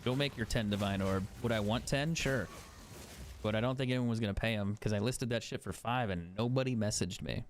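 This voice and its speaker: A man's voice: fairly low pitch, brisk, a little hiss or hum. A young man chatting casually as a game streamer, swearing freely and laughing often. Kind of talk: casual gaming stream commentary.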